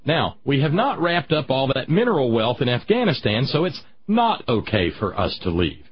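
A husky male talk host rambles through politics with many restarts and fillers, reading chat comments aloud. The sound is dull and muffled, like a radio show. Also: medium pitch, sing-song, moderate pace.

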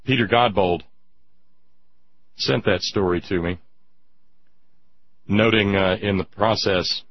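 A man's voice: on the low side, steady tone, slow. A man hosting political talk radio, emphatic and sarcastic, chatting with listeners through a dull lo-fi radio recording. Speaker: radio talk show host.

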